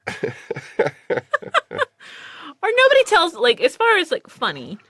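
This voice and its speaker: A woman's voice: high voice, wildly swooping pitch, slow, a bit bright, dry recording, clean studio sound. A woman voice actor in casual podcast chat, telling stories animatedly, acting out quoted lines and swearing casually.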